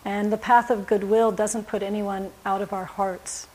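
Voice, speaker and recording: A woman giving a Buddhist dharma talk, speaking in a gentle, reflective way with frequent pauses and fillers. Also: mid-range voice, flat delivery, poor audio. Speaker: Buddhist teacher.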